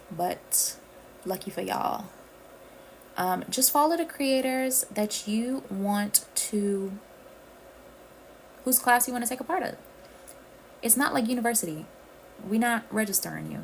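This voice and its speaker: A woman from the Caribbean hosts a casual livestream, talking straight to her viewers and calling them y'all. Her voice sits at an ordinary pitch with a gravelly, fry-laden edge. A faint hiss of room ambience runs underneath. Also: expressive, unhurried, pauses often, rough recording. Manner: chatty, addresses viewers as y'all. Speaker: livestream host.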